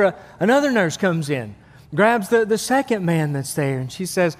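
A male pastor preaching a casual, halting sermon with frequent restarts, asking the congregation for amens. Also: sits high, very animated. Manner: conversational, many restarts, calls for amens. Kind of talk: sermon with humor and prayer. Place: church sanctuary. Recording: long church hall reverb.

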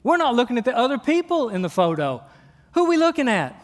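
A middle-aged pastor preaches with animation, acting out little everyday scenes. His voice sits high for a man and swings between soft asides and raised points. A long church-hall reverb trails each phrase. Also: big pitch swings, fast talker. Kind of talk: sermon.

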